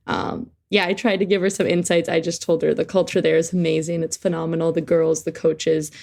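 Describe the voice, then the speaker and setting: A woman's voice: fairly low pitch, vocal fry, darkish tone. A young woman in her twenties, a soccer player answering interview questions in an earnest, upbeat way with frequent fillers. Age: 20s.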